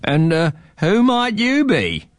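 A man voicing a strange little old man who claims to be an eagle, with a high drawling squawk. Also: huge pitch swings, slow pace, no room sound, studio quality, heavily acted. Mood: curious.

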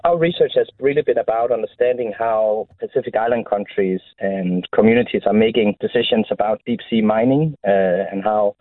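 Researcher guy on a tinny phone line, lowish voice, lots of uhs. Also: a little fast, few pauses, no echo. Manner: hesitant, many uhs. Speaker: university researcher.

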